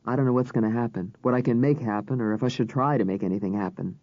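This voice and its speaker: A male narrator voicing an earnest male FBI agent who speaks low, quiet and urgent. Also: fast talker, no echo, lightly acted. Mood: serious. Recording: slightly dull audiobook recording.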